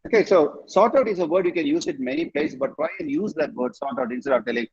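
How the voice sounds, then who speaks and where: Fast, husky Tamil-accented male English teacher, online class. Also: fairly high pitch, expressive, muffled recording. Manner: mixes Tamil with English, quizzes students, spells words out. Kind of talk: online vocabulary lesson. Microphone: video call.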